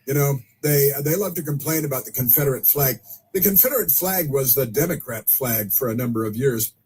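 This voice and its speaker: Male host, husky, sarcastic, combative commentary delivery. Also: medium pitch, animated, a little fast, darkish tone. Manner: combative, sarcastic, rambling asides. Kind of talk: political commentary monologue.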